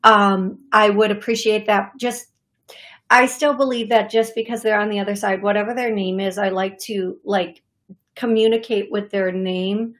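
A woman's voice: medium pitch, fairly even intonation, moderate pace, a bit bright. A woman hosting a live call-in psychic show, talking in an effusive, gushing way with many fillers. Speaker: psychic medium show host. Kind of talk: live call-in show, reading viewer messages. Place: studio.

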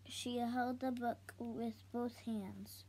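A woman reading a children's book aloud slowly, halting now and then to correct herself. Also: fairly high pitch, level tone, darkish tone, slight background noise. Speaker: storybook reader.

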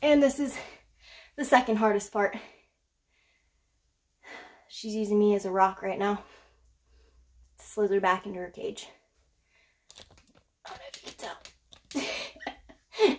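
A woman showing her pet snake in a casual vlog, chatty, laughing often and whooping with excitement. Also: mid-range voice, unhurried, pauses often. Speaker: snake keeper vlogger. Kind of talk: casual show-and-tell vlog. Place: indoors room by a snake enclosure. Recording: echoey room.

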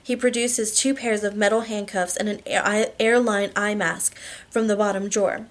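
A woman reading a romance novel aloud in a steady, even first-person narration. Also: medium pitch, moderate pace. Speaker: audiobook reader.

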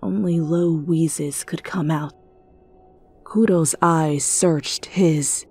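A woman narrates a fanfiction story in a whispered role-play, soft and hushed. Her voice is low and husky, and she takes her time with each phrase. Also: fairly even intonation, extremely slow, faint music behind. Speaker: fanfiction reader.

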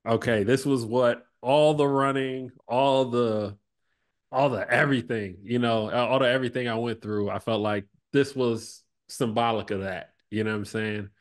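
A man in his thirties, a former basketball player, talking reflectively in an interview, loose and relaxed, often trailing off softly. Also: mid-range voice, normal speed. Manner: relaxed, lots of "like" and "you know", trails off softly.

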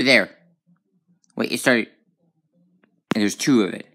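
A woman hosting a gaming channel, talking through gameplay in a rambling, excitable way with sudden high outbursts. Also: unhurried, husky. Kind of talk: casual gameplay commentary.

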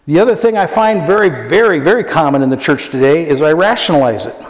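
A man in his sixties delivers an earnest, personal sermon in a slightly raised voice, dropping quiet for emphasis. The sound rings through an echoey church hall with a long, lingering reverb. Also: a little high. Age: 60s. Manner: earnest, personal preaching with dramatic quiet drops. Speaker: pastor. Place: church sanctuary.

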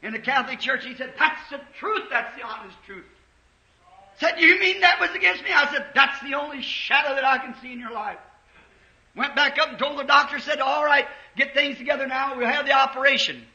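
A man preaches in a very high, bright, piercing voice, swinging from quiet storytelling into fervent shouting. The sound is dull and lo-fi, carrying the roomy echo of an old church recording. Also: brisk. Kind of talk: sermon.

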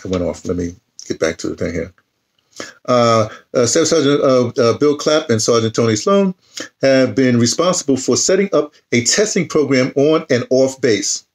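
A man's voice: medium pitch, animated, moderate pace. Man in his sixties reading and rambling. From United States. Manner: rambling, with frequent asides and restarts. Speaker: YouTube channel host. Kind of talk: casual reading and commentary.

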